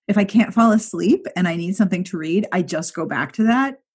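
Wry, husky-voiced woman hosting. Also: lowish voice, a little mellow. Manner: wry, exclamatory, quick to laugh. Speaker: podcast host. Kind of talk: casual chat.

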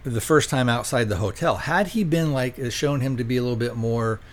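Male podcast host, mid-pitch, casual rambling plot recap with offhand quoted lines. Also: fairly quick. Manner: rambling, quotes characters loosely, lots of fillers. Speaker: podcast host reviewing films.

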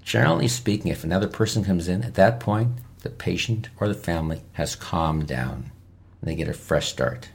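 A man's voice: sits low, moderate pace, gravelly, slightly rough. A man, a physician, giving emphatic, repetitive coaching advice as an interview guest. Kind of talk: instructional interview answers.

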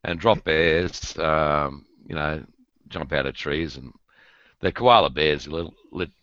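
An Australian man, a podcast guest, explaining local slang in a relaxed, easygoing way with plenty of ums. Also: very deep voice, unhurried, no echo, dull audio. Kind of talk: casual chat.

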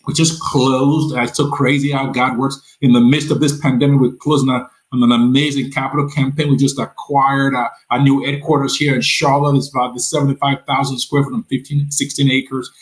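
A man's voice: mid-range voice, level tone, fairly quick, few pauses, rough recording. A middle-aged man from Nigeria, telling his life story as an interview guest. He acts out the voices of the people he quotes and often repeats words as he talks.

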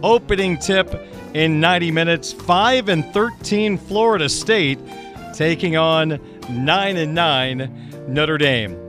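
A man hosting a sports radio show, reading off scores and plugs in a brisk broadcast delivery. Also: fairly high pitch, fairly bright tone, faint music behind.

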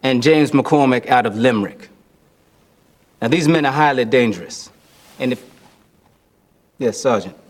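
Film role, male actor: steady, measured American agent, mid-pitched. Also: lightly acted. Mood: briefing. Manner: firm, measured briefing tone. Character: composed, exasperated American federal agent.

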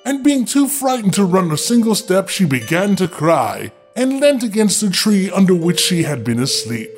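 A man's voice: high voice, moderate pace, faint music behind. A man hosting a show, reading a fairy tale in a dramatic way and breaking off into wry, joking asides. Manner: playful, wry, expressive. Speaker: storyteller host.

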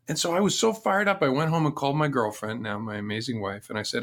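A man's voice: medium pitch, animated, quick pace, few pauses, a bit bright. A middle-aged man answering interview questions, telling his career story in an earnest, reflective way. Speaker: interview guest.

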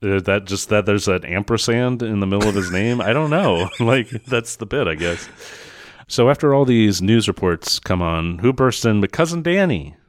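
A man's voice: on the low side, lively intonation, normal speed, no room sound. A man co-hosting a casual movie-review podcast, recapping the plot with sarcastic exasperation. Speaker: podcast co-host.

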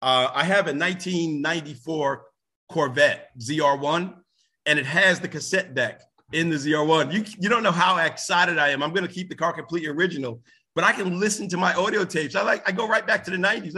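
A man giving a live motivational talk to an audience, energetic and rambling, with many restarts and sudden excited outbursts. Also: brisk, breathy edge. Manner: energetic, jumps to high excited shouts. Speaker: motivational speaker.

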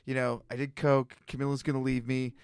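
A man's voice: mid-range voice, flat delivery, brisk, smooth, no echo, studio quality. A man in his thirties co-hosting a podcast, telling a rambling story with lots of swearing and self-mocking laughs. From Canada. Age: 30s. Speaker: podcast co-host. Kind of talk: casual storytelling chat.

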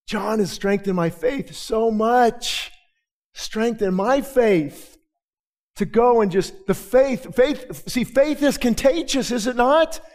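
A man whose voice sits high preaches a sermon in a church with a balcony, alternating between soft, faltering stories and loud, impassioned proclamation built on repeated phrases.

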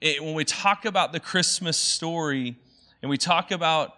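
A man's voice: on the high side, normal speed, pushed and bright. A man in his thirties preaching a casual, conversational sermon, chatty with many fillers and playful asides. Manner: chatty, many fillers, quoting movie lines in playful voices. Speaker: pastor.

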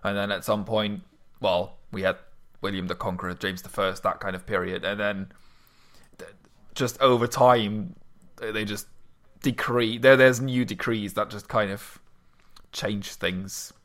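A man's voice: lowish voice, fairly even intonation, a little slow, a bit bright. A man co-hosting a podcast in casual chat, with teasing, dry banter. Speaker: podcast co-host.

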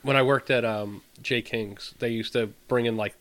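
A man's voice: mid-range voice, moderate pace. A man joking around in casual podcast chat as a co-host. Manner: joking, animated, puts on silly voices.

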